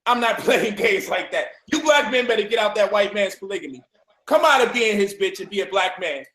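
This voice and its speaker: A man arguing forcefully in a heated discussion, preaching and swearing freely. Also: high voice, expressive, fairly quick, reverberant. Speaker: speaker in a debate.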